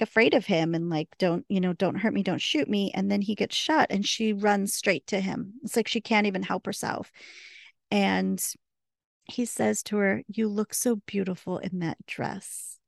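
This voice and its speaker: A woman's voice: mid-range voice, normal speed, creaky, no room sound, clean studio sound. A woman co-hosting a podcast, chatting casually and recounting scenes with quoted dialogue. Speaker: podcast co-host. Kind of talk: casual recap chat.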